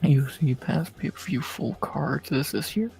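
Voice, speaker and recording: A man's voice: on the high side, expressive, normal speed, creaky, a little mellow, soft background music. A man streaming live, muttering and swearing casually as he plays through quizzes, saying he's losing his voice. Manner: mutters and swears at quiz questions.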